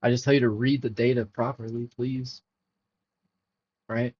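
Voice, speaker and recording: A man hosting a crypto livestream, talking casually and excitably over charts and swearing freely to his chat. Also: mid-range voice, moderate pace, husky. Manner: profane, excitable, talks to chat. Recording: dull lo-fi stream audio.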